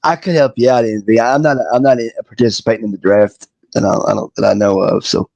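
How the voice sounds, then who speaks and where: A man's voice: lowish voice, brisk, gravelly, a little mellow, dry recording, dull audio. A man joking around in a casual group draft chat. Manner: playful, jokey. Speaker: draft participant.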